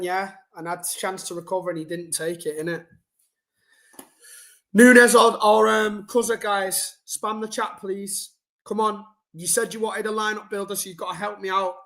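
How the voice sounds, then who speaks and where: A man's voice: high voice, a bit bright. A young man ranting bluntly and casually to his chat during a football live stream, swearing and using slang.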